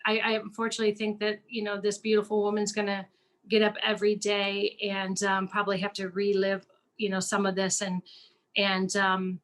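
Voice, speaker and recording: A woman guest on a live show, speaking gently and caringly, with many fillers. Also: mid-range voice, monotone, a little fast. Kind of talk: supportive casual talk.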